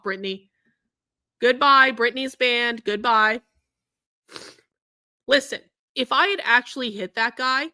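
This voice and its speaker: High bright-voiced indignant woman streamer. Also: no echo, clean studio sound. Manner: profane, indignant, emphatic. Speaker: livestream host. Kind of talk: heated livestream commentary.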